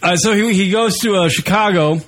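A man's voice: high voice, brisk, fairly bright tone. A man hosting a radio talk show, putting questions to the studio panel in joking banter.

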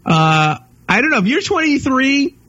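A man's voice: very high-pitched, very animated, moderate pace, sharp tone, lo-fi sound. A man hosting a radio talk show, reasoning through the banter and reading chat room comments aloud. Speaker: host.

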